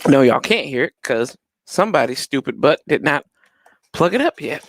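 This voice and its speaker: Young male stream host, casual and excitable, lively delivery, dry close mic. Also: a little high, moderate pace, dry recording. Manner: animated, laughs loudly, talks to chat. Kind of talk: casual live-stream watch party chat.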